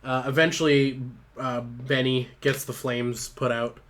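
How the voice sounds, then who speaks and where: A man's voice: mid-range voice, flat delivery, a little slow, a bit bright. A man rambling casually through a live stream, profane and a little tipsy from a couple of drinks.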